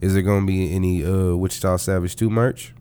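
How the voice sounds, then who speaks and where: A man's voice: sits low, steady tone, mellow, clean tone. A man co-hosting an interview, asking questions and riffing with jokes in casual slang. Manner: joking, hyped, quick to riff. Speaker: podcast co-host.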